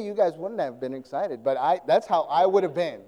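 A man's voice: on the high side, normal speed, few pauses, in a large hall, rough recording. A man preaching a sermon, retelling a story with lots of laughter and acted-out voices. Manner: animated, laughing often, acting out scenes.

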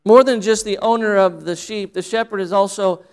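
High-voiced man preaching a sermon. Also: steady tone, normal speed, smooth. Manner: earnest preaching, repeats phrases for emphasis. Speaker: pastor.

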